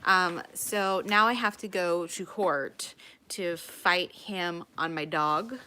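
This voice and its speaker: A young adult woman telling a personal story in a casual vlog, animated and acting out what people said. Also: fairly low pitch, slow, slight background noise. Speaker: vlogger.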